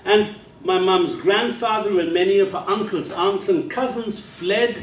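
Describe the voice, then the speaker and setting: A man in his sixties with an unusual English accent, giving a public lecture with a measured, wry storytelling manner. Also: high-pitched, steady tone, a little hiss or hum. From England. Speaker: guest lecturer. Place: library lecture hall. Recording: echoey hall, distant mic, faint ambience.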